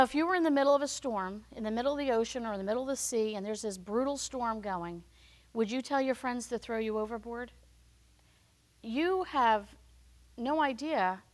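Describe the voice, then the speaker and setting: A woman hosting a devotional podcast, teaching in a conversational storytelling way and acting out the people in the story. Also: fairly high pitch.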